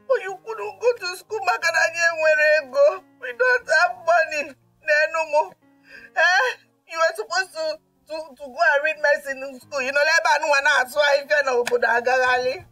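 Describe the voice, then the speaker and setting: A woman's voice: sits high, a little fast, pushed and bright, dry recording. A middle-aged Nigerian woman acting in a film drama as a poor village mother, pleading with her son and mixing Igbo into her English. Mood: tearful. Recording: distant mic with faint music.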